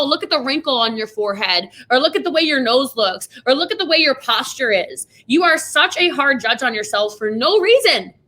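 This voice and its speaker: Bright, emphatic woman podcast host. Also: sits high. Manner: emphatic, rapid, acts out quoted voices. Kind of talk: motivational business chat.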